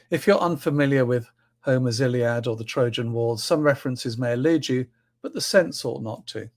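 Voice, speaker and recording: A man giving a talk at a livestreamed event, reading and introducing poems, stressing lines strongly and letting phrase ends fall soft. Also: medium pitch. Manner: expressive reader, swings between loud stresses and soft trailing ends. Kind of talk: spoken talk with poetry readings.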